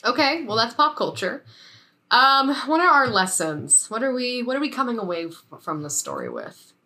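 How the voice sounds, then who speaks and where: A woman co-hosting a casual podcast, animated and often laughing as she wraps up the episode. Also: a little high, moderate pace. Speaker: podcast co-host. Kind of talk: casual chat.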